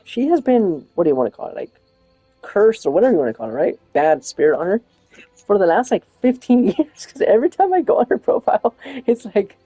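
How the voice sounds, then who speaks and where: A woman's voice: medium pitch, sing-song, a little fast, dark tone, husky, no room sound, soft background music. A woman chatting casually while streaming a game, rambling and laughing often. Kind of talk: casual chat while gaming.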